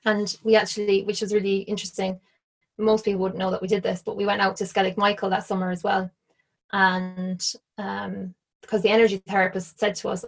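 Irish woman guest, mid-pitched, casual storyteller who keeps saying "like". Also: level tone, brisk, creaky. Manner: chatty, full of "like", acts out quoted lines. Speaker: interview guest.

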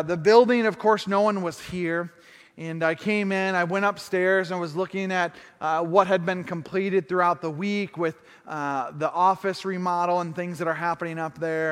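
A male pastor telling a story in a sermon, animated and self-deprecating, acting out his own thoughts. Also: sits high, clean tone, in a large hall.

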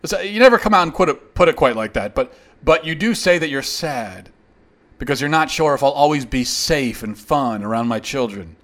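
A man's voice: medium pitch, lively intonation, moderate pace, fairly bright tone. A man hosting a show, delivering a heated, sarcastic opinion monologue in reply to a critic. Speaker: host.

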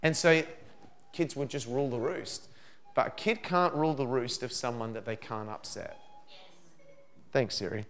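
A middle-aged man giving a lively parenting seminar talk, acting out dialogue as he goes. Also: medium pitch, moderate pace, pauses often. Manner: animated, acts out dialogue in put-on voices.

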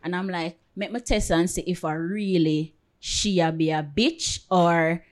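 Jamaican woman, podcast co-host, animated storyteller, slightly low voice. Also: a little slow. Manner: animated, acts out quoted voices. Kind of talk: casual storytelling chat.

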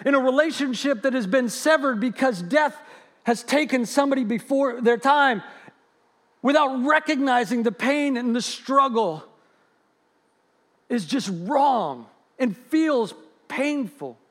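A man preaching a sermon in an earnest way, swinging from loud stresses to hushed lines. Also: very high voice, expressive, unhurried. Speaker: pastor.

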